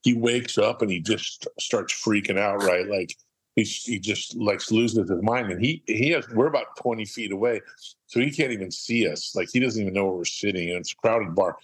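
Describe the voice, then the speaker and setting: A man's voice: on the low side, normal speed, slightly rough, low-quality recording. A middle-aged man from Southern California, a podcast guest, telling rambling, profane anecdotes and acting out the quotes. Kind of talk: casual storytelling.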